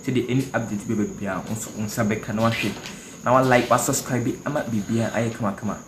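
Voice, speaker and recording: A man's voice: fairly low pitch, fairly even intonation, quick pace. A man presenting a news channel, giving an upbeat intro and asking viewers to subscribe. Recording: echoey room with background noise.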